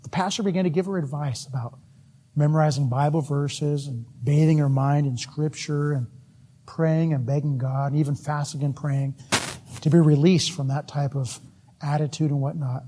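A male preacher telling an animated story in a sermon, often laughing as he speaks. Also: a little high, moderate pace.

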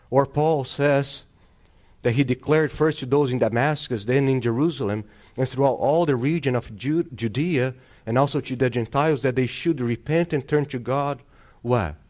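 A man's voice: mid-range voice, darkish tone. A male pastor delivering a sermon, preaching emphatically and calling on the congregation for amens.

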